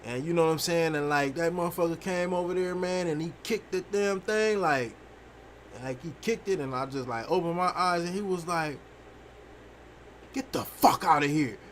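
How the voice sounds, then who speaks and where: A young man casually telling a rambling, profane story while streaming a game, animated and full of fillers. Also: on the high side, moderate pace, slight background noise. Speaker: gaming streamer.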